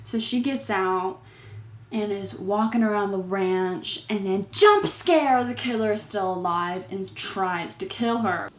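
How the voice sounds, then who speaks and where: A woman's voice: medium pitch, unhurried, echoey room, slight background noise. A woman casually recapping a horror movie, with exasperated, sarcastic commentary on the characters.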